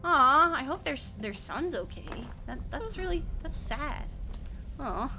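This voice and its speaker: A woman's voice: high-pitched, sing-song, measured pace, bright, forceful tone, faint music behind. A young woman streamer giving chatty, giggly game commentary, swearing freely.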